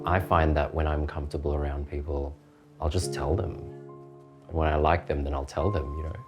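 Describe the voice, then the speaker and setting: A man's voice: extremely low pitch, fairly even intonation, moderate pace, over loud music. A young man giving a casual, blunt and joking testimonial. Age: young adult. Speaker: interviewee. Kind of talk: candid testimonial.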